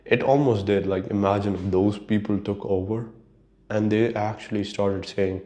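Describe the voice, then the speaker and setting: A man's voice: lowish voice, fairly even intonation, normal speed, a little mellow. A man hosting his own podcast, talking alone in a rambling, profane, casual way and laughing at his own stories. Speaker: podcast host. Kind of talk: casual solo monologue.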